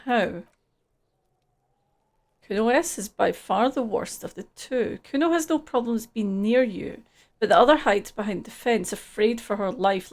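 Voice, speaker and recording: A woman's voice: medium pitch, vocal fry. A woman casually reading game text aloud and chatting through a live gameplay stream, swearing freely.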